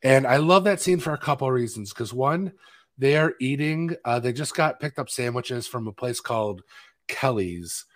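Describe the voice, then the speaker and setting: A man co-hosting a film podcast, talking in a loose, rambling way and pausing often for fillers. His voice sits in a middle range, neither high nor low. He sounds relaxed and conversational. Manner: rambling, chatty, with many fillers. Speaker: podcast co-host. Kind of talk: casual chat.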